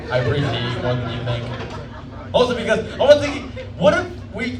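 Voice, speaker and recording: A brash, loud-talking man from Mexico doing a trash-talking stand-up set on a comedy club stage. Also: on the high side. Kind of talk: stand-up routine. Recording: echoey club from far off with noise.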